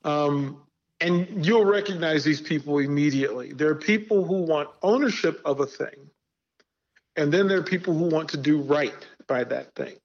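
A man's voice: on the high side, normal speed. Earnest man with a dull lo-fi sound. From Arlington, Virginia. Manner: earnest, repeats words when building a point. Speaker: guest. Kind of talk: candid conversational talk.

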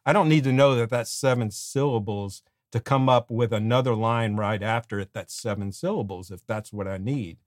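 A middle-aged man talks shop about songwriting in a loose, animated way. He breaks into hummed melody lines and plays out little scenes. His voice sits at a medium pitch and is recorded dry and close, with almost no room sound. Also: normal speed, hardly any pauses, dry recording. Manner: animated, sings melody fragments, acts out quotes. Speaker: podcast co-host and songwriting teacher. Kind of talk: casual conversational advice.

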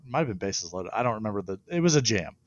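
A man's voice: on the low side, rapid-fire, lo-fi sound. Laughing man telling stories. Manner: animated storyteller, laughs often. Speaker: guest pitcher. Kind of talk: casual podcast chat.

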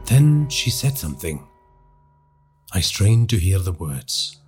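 A man narrating a horror story for a podcast in a hushed, dramatic storytelling manner. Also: low voice, sing-song, slow, faint music behind.

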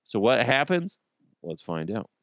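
A man's voice: fairly low pitch, big pitch swings, a little slow, vocal fry, heavy background noise. A man hosting a comedy podcast, ranting crudely and mocking people while laughing at his own jokes. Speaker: podcast host.

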